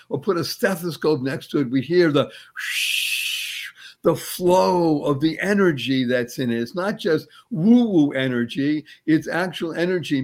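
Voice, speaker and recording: A man giving an animated, uplifting motivational talk as a guest. He quizzes his listener playfully and slows and stretches words to stress a point. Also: a little high. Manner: playful, teacherly, quizzes the host; spiritual, uplifting tone. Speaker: guest speaker.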